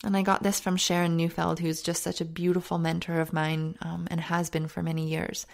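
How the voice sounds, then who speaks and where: Middle-aged woman doing a faith self-help podcast, gravelly low voice, gets soft n whispery on the big points. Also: level tone, fairly quick, hardly any pauses. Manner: earnest storytelling, dropping to soft near-whispers for emphasis. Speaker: podcast host.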